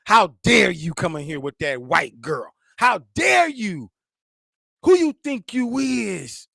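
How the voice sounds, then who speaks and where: A man's voice: high voice, sing-song, slow pace, creaky, no echo, clean studio sound, heavily acted. A man mimicking an indignant scolding woman. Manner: indignant, shouting. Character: scolding angry woman berating a young man.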